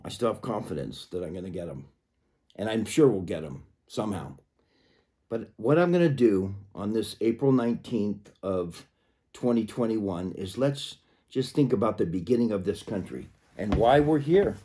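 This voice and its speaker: Husky guy w/ a frog in his throat, kinda low voice, rambling vlog chat. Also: expressive, moderate pace, warm tone. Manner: rambling, clears throat often. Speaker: vlogger. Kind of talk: casual talk to camera.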